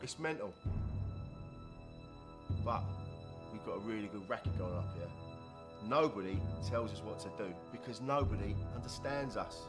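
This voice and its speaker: A man's voice: lowish voice, lively intonation, moderate pace, pauses often, over music, natural voice. A man playing a sly menacing Scotsman. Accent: Scottish. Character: menacing Scottish villager running a con.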